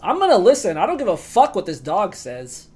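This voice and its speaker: A woman's voice: mid-range voice, wildly swooping pitch, fairly quick, warm tone, husky. A woman voicing a surly, crude male warrior who swears bluntly. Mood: gruff. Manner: blunt, profane.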